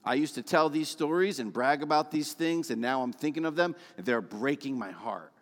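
A man's voice: medium pitch, moderate pace. A man preaching a sermon, telling his own story in an earnest, emotional way. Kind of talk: sermon testimony. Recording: long hall reverb.

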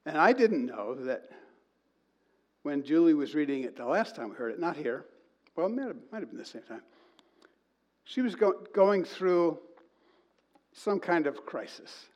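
A man preaching to a congregation, telling a story in an animated way and reading quoted lines in a slow sing-song. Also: a little high, lo-fi sound. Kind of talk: sermon.

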